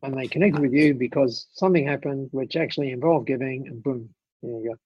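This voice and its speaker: A man telling an anecdote as a guest in a conversation, animated, with restarts and asides. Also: mid-range voice, a little fast, slightly rough, no room sound, dull audio. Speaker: guest speaker.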